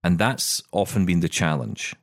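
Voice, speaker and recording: A male podcast host with a low voice and a lively, bouncing delivery. He talks in an upbeat, jokey, chatty manner, recorded dry and close. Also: normal speed, no echo. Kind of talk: casual tech chat. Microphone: studio mic.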